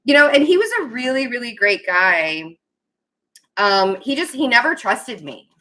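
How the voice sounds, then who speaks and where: A woman reads tarot casually for her viewers in a bright, forward voice that is a little high and sing-song, and she speaks a little slowly. She rambles, drifts off mid-thought, laughs nervously and apologizes over and over.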